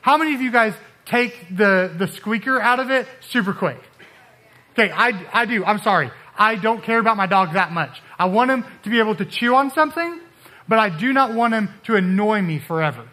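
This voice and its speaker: A man's voice: high voice, lively intonation, brisk, pushed and bright, rough recording. A man doing a stand-up comedy routine, talking to the crowd in a rambling way full of fillers. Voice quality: rambling, filler-heavy delivery.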